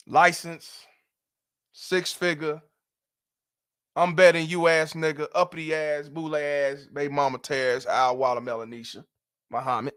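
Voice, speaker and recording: A middle-aged man with a somewhat high-pitched voice, hosting a live commentary stream. He talks bluntly and emphatically, swearing freely as he presses his points. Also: little pitch movement, measured pace, pauses often, fairly bright tone, clear, resonant tone. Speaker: host. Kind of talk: livestream commentary rant.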